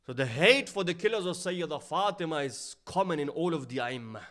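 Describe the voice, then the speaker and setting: A man giving a sermon, telling a story and dropping to a hushed voice for its sad lines, then rising louder to stress his points. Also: lively intonation, a little fast. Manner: storytelling, drops to a low hushed voice for sad quotes. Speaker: speaker at an Islamic centre.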